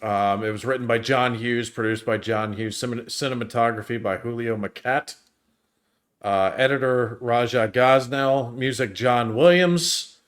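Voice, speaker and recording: Brief: mid-voiced male co-host, animated and profane. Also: medium pitch, measured pace. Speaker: podcast co-host. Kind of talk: casual chat.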